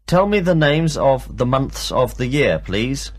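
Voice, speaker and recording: A male teacher runs a scripted language drill at a very slow pace. His voice is husky, and his pitch moves a lot as he stresses each word. He breaks words into syllables with care. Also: big pitch swings. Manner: slow, deliberate, sounds out syllables. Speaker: English teacher.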